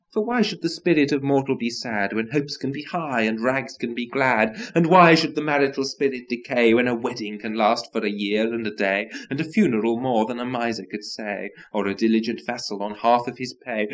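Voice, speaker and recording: A man reciting nonsense verse theatrically, swinging between loud declamation and low murmurs.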